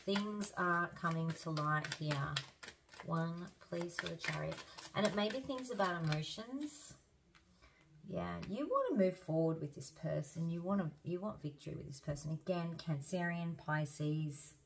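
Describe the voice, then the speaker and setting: Tarot reader, female, slightly low voice, hoarse, rambling delivery, noticeable background noise. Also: unhurried. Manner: chatty, thinks aloud with fillers and restarts. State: hoarse, losing her voice. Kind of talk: casual tarot reading.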